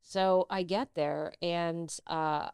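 A middle-aged actress, a guest in a casual interview, telling personal stories and acting out what others said. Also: female voice, lowish voice, slow, clean tone, dry recording, clean studio sound. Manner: animated, acts out quoted dialogue.

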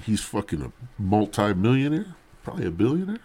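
A man's voice: on the low side, big pitch swings, brisk, a little mellow, slightly rough. A man hosting a podcast who rambles through a crude, mock-serious comedic story on a podcast mic. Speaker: podcast host. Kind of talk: profane comedic rant.

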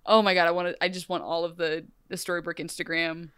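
A young woman co-hosting a podcast in casual chat, talking in animated, quick run-on restarts. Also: fairly low pitch, clean tone, no echo. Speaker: podcast co-host.

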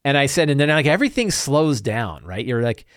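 A man in a mid range recaps his tabletop campaign casually. He rambles and keeps adding quick asides. The recording is dry and close, with no room sound. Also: medium pitch, very animated, no echo. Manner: rambling storytelling with many asides and "right?". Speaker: podcast host and game master.

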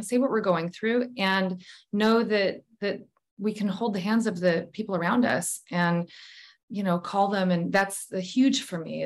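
A woman in mid-range pitch, talking candidly on a podcast. Her storytelling is personal and open, full of casual fillers and quick asides. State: tearful at moments. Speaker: guest author.

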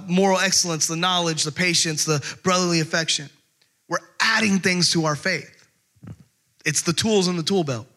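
A man preaching a casual, conversational sermon, telling a personal story with lots of fillers and animated asides. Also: on the high side. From California. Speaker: pastor.

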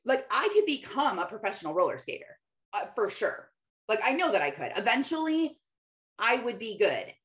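30s woman talking faith stuff casually, earnest, laughs a lot, voice a bit high. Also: very animated, normal speed, a bit bright. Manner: conversational, earnest, laughs often, quotes scripture. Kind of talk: casual faith-based encouragement talk.

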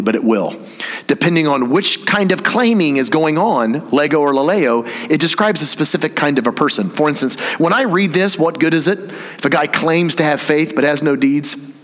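Preaching in a church sanctuary mid-service, a pastor with a fairly high, fairly bright voice explains how a verse's grammar works. His manner is conversational and he slips in teasing asides, all under a long hall reverb.

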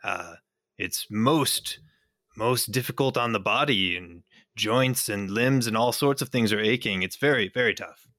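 A man voicing a fawning stranger wrapped head to toe who feigns a terrible sickness, overly polite and flattering. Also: lowish voice, a little slow, no echo, clean studio sound. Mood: pitiful.

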